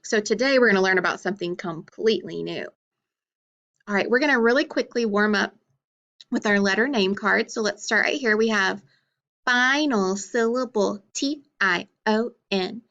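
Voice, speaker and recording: A woman teaching a phonics lesson to children, encouraging them to repeat after her and spelling out letters clearly. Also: mid-range voice, a bit bright, highs cut off. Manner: slow, clearly spelled-out drilling of letters and sounds.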